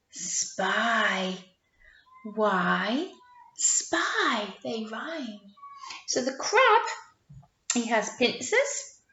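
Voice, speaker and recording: A woman teacher reading a picture book to young children, animated and encouraging, drawing words out and making playful sound effects. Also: fairly high pitch. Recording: roomy, dull lo-fi sound.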